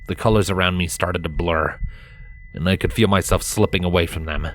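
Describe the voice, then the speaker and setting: Deep-voiced male story narrator. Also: brisk, slight background noise. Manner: steady storytelling, first-person narration. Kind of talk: audiobook fanfiction reading.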